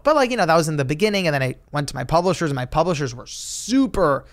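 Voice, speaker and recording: A man guesting on a podcast as an author, telling stories casually, animated and laughing, with swearing and many filler words. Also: a little high, quick pace. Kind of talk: casual storytelling.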